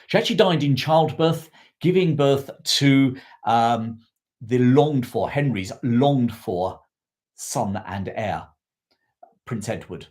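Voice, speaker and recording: A man's voice: mid-range voice, expressive, slow pace, a little mellow. A man talks history to a live online audience in an unscripted, meandering way. He restarts sentences, corrects his own slips and stops to thank viewers from the chat. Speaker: history livestream host.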